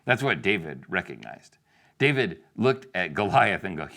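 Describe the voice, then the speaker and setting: A man's voice: sits low, big pitch swings, measured pace, sharp tone. A male pastor preaching a sermon in a conversational way, asking rhetorical questions and acting out the lines of the people in the story. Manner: conversational, asks the congregation rhetorical questions, acts out quotes.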